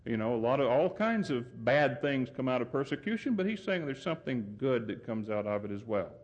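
A man preaching a sermon, earnest and emphatic, lifting his voice on key points and slowing down to stress them. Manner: earnest, emphatic, rising pitch on key points, deliberate pauses.

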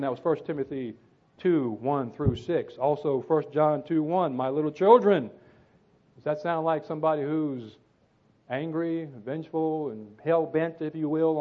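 A man preaching a sermon, reading scripture and repeating phrases for emphasis. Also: fairly high pitch. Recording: tinny phone-like sound.

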